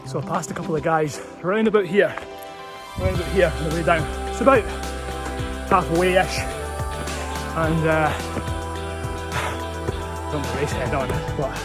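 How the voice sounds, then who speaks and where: Loud music plays behind this Scottish running vlogger as he climbs a steep hill outdoors, chatting, breathing hard and marveling at the view. His fairly high voice is a little slow and pauses often.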